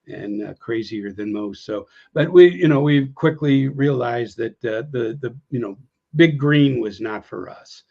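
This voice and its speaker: An older American veteran, a guest in an interview, rambles through war stories with lots of fillers and restarts in a gravelly, mellow, slightly rough voice. When he acts out old conversations, his voice gets louder and his pitch lifts. The audio is dull and lo-fi.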